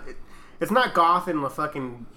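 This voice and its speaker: A man's voice: fairly high pitch, lively intonation, slow pace, crowd noise. A man hosting a casual podcast over beers, swearing freely, laughing often and searching for words. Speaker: podcast host.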